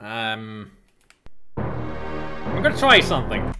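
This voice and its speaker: A man's voice: lowish voice, huge pitch swings, slow. A man giving casual, joking gameplay commentary, rambling and swearing freely, with game music playing behind. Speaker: let's play commentator.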